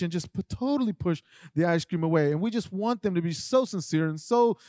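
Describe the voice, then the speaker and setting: A middle-aged man giving a conversational parenting talk, animated, often acting out what parents and children say. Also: high-pitched, a little fast, no echo, clean studio sound. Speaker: parenting speaker.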